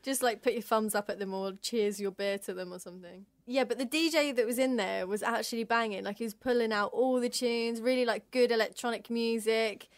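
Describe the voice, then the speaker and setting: A woman's voice: a little high, a little fast, hardly any pauses, dry recording. A young woman co-hosting a travel podcast, chatting casually with laughs and fillers. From England. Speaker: podcast co-host.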